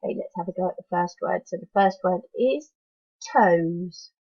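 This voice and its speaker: A woman teacher leading a phonics lesson for young children, slowly sounding out letters one at a time and encouraging them to join in. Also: lowish voice, gravelly, dark tone, slightly rough, no room sound, muffled recording. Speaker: primary school teacher.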